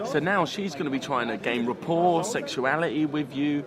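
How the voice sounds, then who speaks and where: A man's voice: on the high side, moderate pace, few pauses. Laughing man on a crowded street. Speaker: podcast co-host. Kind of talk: casual outdoor chat. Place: busy city street outdoors. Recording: outdoor street crowd noise. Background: passing crowd and traffic.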